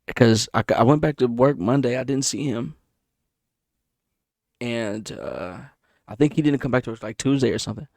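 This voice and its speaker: A man casually telling a story about a dream, animated and repetitive, punctuating it with sound effects. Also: moderate pace, long pauses, no room sound, studio quality. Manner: animated, repeats himself, sound effects like boom. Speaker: vlogger.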